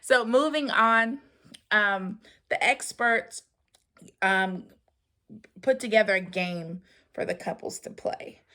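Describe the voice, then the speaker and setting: A woman's voice: mid-range voice, takes it slowly, pauses often, bright, forceful tone. Sassy woman recapping a TV show. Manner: sassy, opinionated, acts out quotes; laughs between remarks. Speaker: TV recap vlogger. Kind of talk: casual chatty recap.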